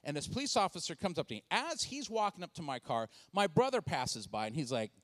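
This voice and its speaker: A man's voice: fairly high pitch, a little fast. A man in his forties from Washington State, giving a comedic church talk and acting out voices in his stories. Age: 40s. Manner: animated storytelling with acted-out voices. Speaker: speaker and comedian.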